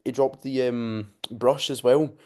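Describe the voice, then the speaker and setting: A man's voice: mid-range voice, fairly even intonation, unhurried, mellow. A young man, co-hosting a casual podcast and telling stories with swearing and laughter. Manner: chatty storyteller, swears, laughs often. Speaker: podcast co-host, coach.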